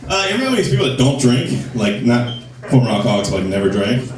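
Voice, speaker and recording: Man doing stand-up, lively animated delivery, self-deprecating and profane, echoey club heard from a distance. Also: mid-range voice, fast. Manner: profane, self-deprecating storytelling with acted-out dialogue. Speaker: stand-up comic. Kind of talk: stand-up comedy set. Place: comedy club stage. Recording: echoey club, recorded from afar.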